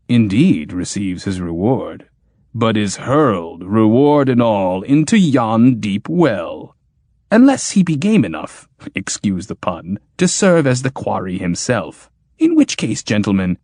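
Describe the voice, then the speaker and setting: A booming, menacing tyrant king, grim and exacting, as a man reads him. The voice sits low but swings widely in pitch, with a dry, close sound. He speaks like a storybook ruler who laughs like thunder. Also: a little mellow, dry recording.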